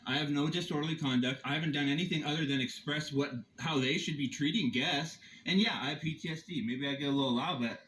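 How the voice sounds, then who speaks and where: A man's voice: a little high, fast, few pauses, a bit bright, reverberant, a little hiss or hum, low-quality recording. Heated, profane man ranting into a phone. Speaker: campground guest confronting staff and police. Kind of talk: agitated first-person rant. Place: inside a vehicle. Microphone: phone camera.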